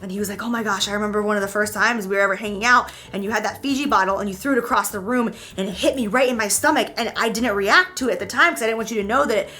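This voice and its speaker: A woman hosting a casual couple Q&A chat, animated and quick to act out her stories. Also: mid-range voice. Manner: animated, acts out voices and stories. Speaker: host.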